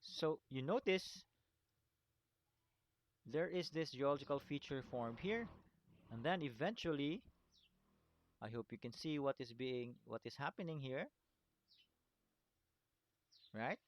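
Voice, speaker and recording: A man's voice: mid-range voice, animated, slow pace, long pauses, no room sound. A man teaching a screen-recorded lesson, walking through steps, often checking in with "okay?" and "right?", with a chuckle at his own slips. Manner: repetitive, stops to check understanding with "okay?" and "right?".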